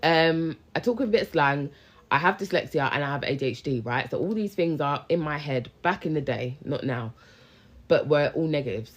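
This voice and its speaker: A young woman with a low voice chats on a live stream, slangy, lively and thanking viewers as she goes. She talks like a friendly business coach straight into her phone. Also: normal speed, dull audio. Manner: chatty, slangy, animated, responds to viewers. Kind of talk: casual live-stream chat. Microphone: handheld phone live stream.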